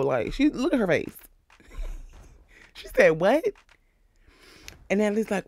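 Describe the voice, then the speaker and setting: A man's voice: high voice, very animated, measured pace, long pauses, darkish tone, no echo. A man casually recapping a reality show, bluntly and with jokes, acting out the cast members' lines. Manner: blunt, profane, joking asides.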